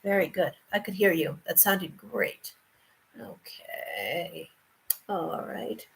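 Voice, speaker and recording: A woman's voice: fairly low pitch, very animated, slow, gravelly. A woman teaching ukulele on a live stream, chatting casually and encouraging the viewers as she talks them through a song. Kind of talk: casual instruction and sing-along.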